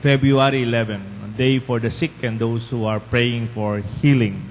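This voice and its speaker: A Filipino parish priest with a medium-pitched, steady voice and moderate pace gives a conversational bilingual homily, putting rhetorical questions to the congregation. He is from the Philippines and speaks with a Filipino accent. The large church adds long reverb, and a faint hum runs underneath.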